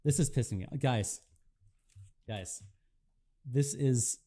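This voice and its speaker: A man's voice: medium pitch, slow, noisy background. A man ranting on his livestream, exasperated and swearing about his chat. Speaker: streamer. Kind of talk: livestream rant.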